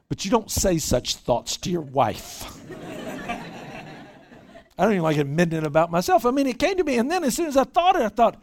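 A man's voice: sits high, animated, a little fast, darkish tone. A middle-aged male pastor giving a sermon, telling a story with lots of repeated word starts as he builds his point. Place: church retreat hall.

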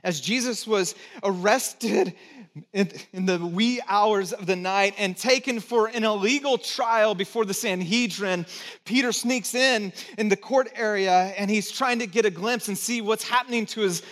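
Slow, emphatic high-voiced male pastor. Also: a bit bright. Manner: slow, emphatic, with dramatic pauses. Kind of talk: sermon. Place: church. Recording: long church hall reverb.

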